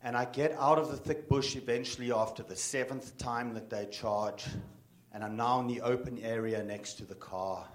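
A man speaking to a live audience in a voice of middling pitch, storytelling with dramatic swells of emphasis. He guides listeners through his tale the way a bird guide and author would. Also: fairly even intonation, normal speed. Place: talk in front of an audience.

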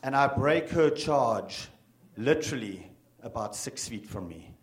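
A man's voice: mid-range voice, lively intonation, measured pace. A man giving a live talk as a bird guide and author, telling a dramatic story with bursts of emphasis. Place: talk in front of an audience.

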